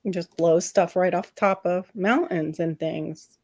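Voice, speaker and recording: A middle-aged woman from Florida hosting a casual chat, telling animated stories and laughing often. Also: lowish voice, a little slow. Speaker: livestream host.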